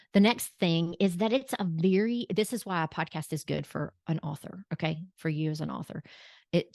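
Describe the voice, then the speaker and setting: A woman podcast coach talks with eager, chatty enthusiasm, checking in with "okay" after each point and restarting her sentences. Her voice sits on the low side. The recording is dry and close. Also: dry recording. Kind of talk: casual teaching monologue. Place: room with bookshelves behind her.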